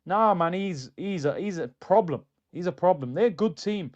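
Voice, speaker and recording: A man hosting a casual football livestream, talking in an animated, chatty way and answering comments from his chat. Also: high voice, moderate pace, highs cut off. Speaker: football streamer.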